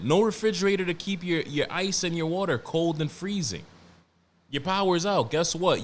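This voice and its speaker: A man's voice: on the high side, expressive, moderate pace. A man hosting a solo podcast, ranting in a casual, profane and emphatic way, often repeating himself and restarting sentences. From New York. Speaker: podcast host.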